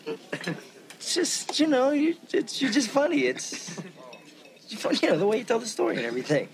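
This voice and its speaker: A nervous giggling mob crony. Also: male voice, extremely high pitch, huge pitch swings, normal speed, a crowd in the background, full character voice. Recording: noisy film audio.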